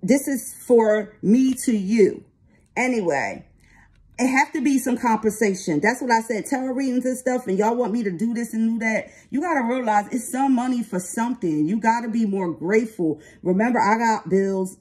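A woman's voice: medium pitch, normal speed, darkish tone, poor audio. A woman giving a casual tarot reading to her viewers, talking bluntly and swearing freely. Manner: blunt, profane, streetwise talk. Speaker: tarot reader.

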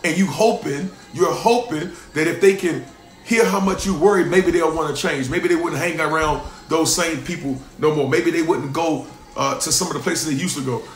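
Male pastor, high voice, emphatic sermon delivery with loud and hushed swings, roomy sound. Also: moderate pace, soft background music.

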